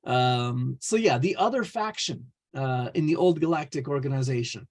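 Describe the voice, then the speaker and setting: A man's voice: medium pitch, animated, normal speed, a little mellow. A man, the game master, casually recapping a tabletop game session with a hesitant, rambling delivery. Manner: rambling, hesitant, lots of fillers.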